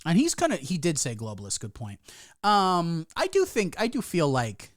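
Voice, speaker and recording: Sarcastic guy streamer rambling and swearing, lively swoopy voice, dry room. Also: fairly high pitch, normal speed, no echo. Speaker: livestreamer. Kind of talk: casual live-stream commentary.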